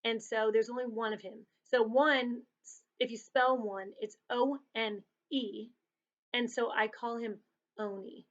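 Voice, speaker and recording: A woman tells children a story in a casual, chatty way, with a slightly high voice. She is animated and acts out little voices when she quotes someone. The recording sounds dull and lo-fi. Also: unhurried.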